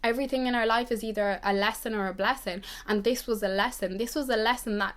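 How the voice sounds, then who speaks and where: A woman's voice: fairly high pitch, fairly even intonation, quick pace. A twenty-year-old woman giving an earnest, reassuring pep talk to camera, repeating herself for emphasis. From Ireland. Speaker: vlogger.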